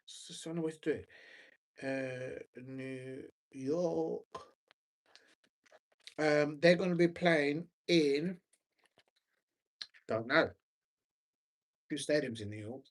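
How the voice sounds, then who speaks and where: A man with a slightly high voice, talking football on his own channel in a loose, rambling way. He hesitates often, filling gaps with ums and starting sentences over, and sounds a bit scattered as he hunts through his notes between thoughts. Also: slow pace, pauses often. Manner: hesitant, with many ums and restarts. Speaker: football watch-along host. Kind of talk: rambling solo football chat.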